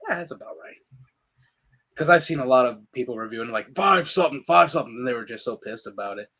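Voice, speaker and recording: On a live podcast, a male co-host chats casually and laughs often. He talks quickly in a medium-pitched, somewhat bright voice, and the recording quality is low.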